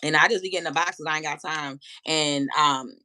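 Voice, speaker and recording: A woman hosting a live stream, chatting casually and profanely with her viewers and telling animated stories. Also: deep voice, fairly quick. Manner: addresses viewers directly.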